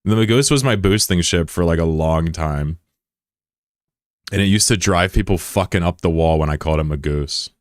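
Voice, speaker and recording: Low-pitched American guy streaming, cracking crude jokes while answering chat, dry close mic. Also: moderate pace, no room sound. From United States. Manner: joking, profane, rambling asides. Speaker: live streamer. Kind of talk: casual chat, reading out viewer comments.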